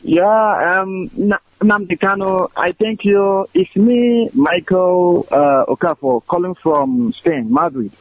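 A man's voice: sits high, slow, gravelly, few pauses. A male caller on a radio call-in show, distraught and pleading. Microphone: phone line. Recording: tinny phone line.

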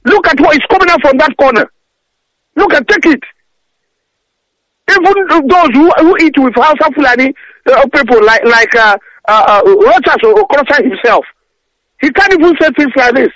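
An animated man with an extremely high, slightly bright voice calls in to a radio talk show at a moderate pace. He rants angrily, stammering repetitively and tripping over his words, captured in dull lo-fi phone-in audio with no echo.

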